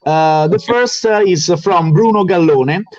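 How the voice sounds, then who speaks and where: A man with an Italian accent, a native Italian speaker, hosting a live fan club interview in halting English with many fillers. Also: sits high, darkish tone, dull audio. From Italy.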